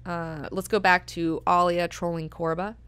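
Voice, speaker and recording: A woman's voice: on the low side, level tone, unhurried, a bit bright, smooth, no room sound. A young woman hosting a book club, talking casually and filling her speech with "like" and "you know". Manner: chatty, lots of "like" and "you know".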